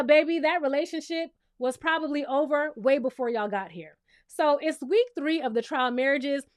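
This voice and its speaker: A woman's voice: high-pitched, no echo, clean studio sound. A woman giving a sassy, playful casual commentary recap of a reality show, talking straight to the viewer.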